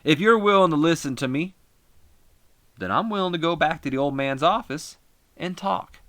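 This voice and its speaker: A man voicing a brash, cocky male wrestler cutting a loud, taunting ring promo. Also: a little high, normal speed, no echo, voice pushed up, lightly acted. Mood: irritated.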